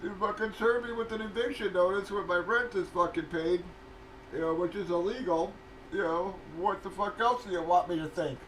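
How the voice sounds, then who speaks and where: High-pitched guy venting on his stream, swears a lot, faint noise behind. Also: normal speed, a bit bright, low-quality recording. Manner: profane, ranting, venting. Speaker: livestream host running a card break. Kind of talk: casual livestream chat.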